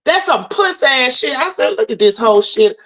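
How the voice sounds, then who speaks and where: A woman's voice: fairly high pitch, expressive, moderate pace, a bit bright, poor audio. A woman hosting a livestream and telling her chat a story in a heated, profane rant, a little tipsy from drinking. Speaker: livestream host.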